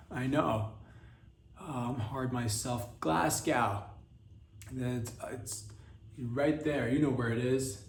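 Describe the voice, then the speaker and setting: A man's voice: mid-range voice, takes it slowly, long pauses. A man hosting a comedy podcast in a rambling, provocative monologue, often cutting himself off and restarting. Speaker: podcast host. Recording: roomy echo.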